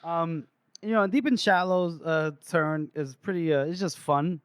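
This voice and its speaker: A man's voice: a little high, measured pace, clear, resonant tone, no echo, clean studio sound. A man co-hosting a podcast, casually and animatedly recapping a book chapter. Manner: animated retelling, acting out characters. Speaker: podcast co-host.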